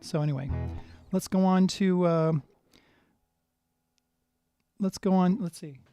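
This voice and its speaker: A man's voice: high-pitched, takes it slowly, clean tone. A man giving a live guitar lesson, chatting and thinking aloud as he tunes and plays. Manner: relaxed, thinking aloud while tuning. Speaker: guitar teacher. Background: guitar playing.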